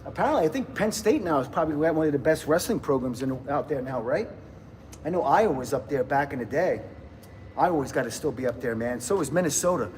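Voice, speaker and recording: A man's voice: a little high, expressive, fast, darkish tone, a little hiss or hum. A man in his fifties chatting casually on a livestream from a gym, rambling and laughing often as he greets viewers. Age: 50s.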